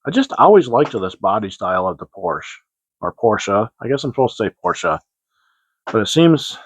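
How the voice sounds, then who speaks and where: A man's voice: mid-range voice, very animated, fast talker, breathy edge, no echo. A man hosting a casual model-kit show-and-tell vlog, rambling and hesitant, with many fillers and restarts. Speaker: hobby model-kit channel host. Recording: dry, slightly dull lo-fi sound.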